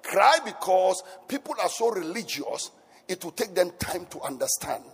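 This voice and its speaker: Man preacher, very high gravelly voice, swinging pitch, long hall reverb and faint music behind. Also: very animated, normal speed. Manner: impassioned, shouting and chanting. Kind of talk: sermon.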